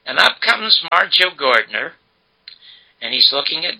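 Older male guest, animated storyteller, husky, slightly high-pitched. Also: measured pace, low-quality recording. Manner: animated storyteller, acts out quoted dialogue. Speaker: interview guest. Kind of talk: storytelling interview.

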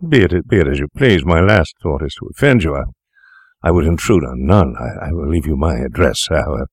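A man's voice: deep voice, moderate pace, dry recording, studio quality, lightly acted. A man reading a story aloud, voicing an elderly doctor who stammers and hurries through flustered, fawning talk. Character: sharp-tongued elderly male doctor, startled, flustered. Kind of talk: audiobook reading.

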